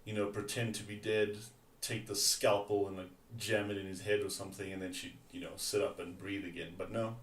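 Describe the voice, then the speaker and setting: A man's voice: low-pitched, little pitch movement, fairly quick, distant mic. A man co-hosting a podcast, laid-back and slangy, laughing easily while discussing a film. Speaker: podcast co-host. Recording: echoey room, off-mic.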